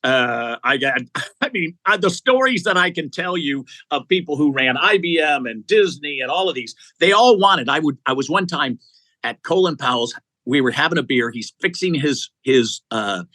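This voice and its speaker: A man's voice: fairly high pitch, animated, moderate pace, pushed and bright, dry recording. A man in his sixties telling stories as an interview guest, enthusiastic, with tumbling sentences full of restarts. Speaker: interview guest, executive recruiter. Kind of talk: conversational storytelling.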